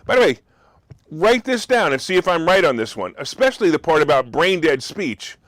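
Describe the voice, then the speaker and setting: Sarcastic high-voiced man hosting a show. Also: big pitch swings, normal speed, a bit bright, no echo. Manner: sarcastic, mocking, incredulous. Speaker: host. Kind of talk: opinionated market commentary monologue.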